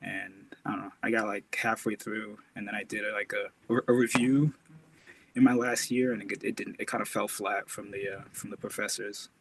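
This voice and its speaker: A man speaks as a guest in a relaxed interview, circling his thoughts with frequent restarts and filler words and breaking into laughter now and then. His voice sits at an ordinary pitch, and a faint hiss runs underneath. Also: normal speed. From United States. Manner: rambling, many restarts and fillers, laughs easily. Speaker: guest musician. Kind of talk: casual interview chat.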